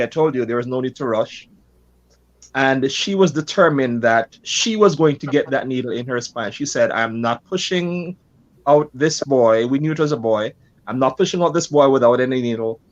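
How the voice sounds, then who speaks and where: A pastor telling a lively, self-deprecating story about his life as a guest in a conversation. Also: mid-range voice.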